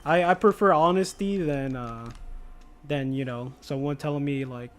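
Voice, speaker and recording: A man's voice: fairly high pitch, moderate pace. A man streaming a video game, chatting casually and jokingly with viewers, laughing often. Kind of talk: casual livestream chat.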